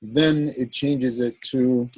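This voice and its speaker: A man's voice: medium pitch, fairly even intonation, darkish tone, no echo, poor audio. A man teaching an Arabic grammar class, explaining patiently and often checking in with "right?" as he goes. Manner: halting, with fillers and self-corrections. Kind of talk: classroom lecture.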